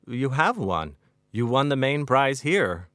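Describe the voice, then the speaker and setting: A man's voice: medium pitch, big pitch swings, slow, a bit bright, dry recording, clean studio sound, voice pushed up. A man voicing an earnest, somewhat awkward middle-aged novelist.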